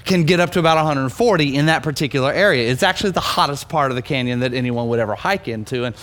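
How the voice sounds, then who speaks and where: A middle-aged man, a pastor telling a story in a sermon, animated and emphatic, often restarting his words. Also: mid-range voice, fast talker.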